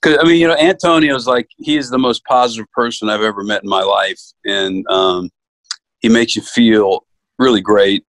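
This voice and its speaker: A man from New York, an actor, telling stories in a casual interview, acting out quotes with lively energy. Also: lowish voice, normal speed, no echo. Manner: animated storyteller, acts out quotes. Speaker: actor guest.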